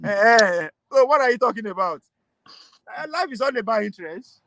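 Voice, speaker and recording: A man with a Nigerian accent talking politics in a casual way, animated and laughing often, mixing Pidgin and English. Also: extremely high pitch, brisk, slight background noise. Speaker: political commentator.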